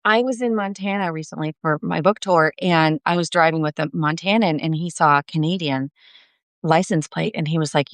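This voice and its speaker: Smooth low-voiced woman, analytical guest. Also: normal speed, no room sound. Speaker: author guest. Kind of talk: casual political discussion.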